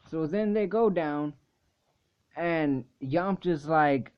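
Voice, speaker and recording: A man's voice: on the high side, lively intonation, slow pace, clear, resonant tone. A young man casually recapping an anime episode in a rambling way, full of swearing and filler words. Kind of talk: casual video review recap. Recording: dull lo-fi recording.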